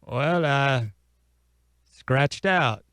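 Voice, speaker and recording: A man's voice: mid-range voice, extremely slow, a bit bright, clean tone, no echo. A man playing a bumbling courtroom judge in an improv comedy sketch, rambling and mangling his words in a radio studio.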